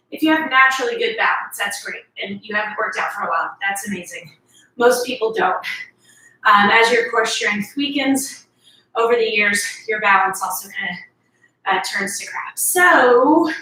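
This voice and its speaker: A woman's voice: fairly high pitch, bright, forceful tone, recorded from a distance. A woman leading a workout, encouraging and chatty as she counts reps and sighs between sets. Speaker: fitness instructor. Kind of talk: workout instruction. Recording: echoey room, voice from off-mic.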